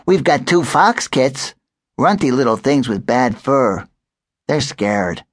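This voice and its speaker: A man's voice: medium pitch, no echo, studio quality. A man voicing a sensible, serious male pig in a children's audiobook. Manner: grave, matter-of-fact.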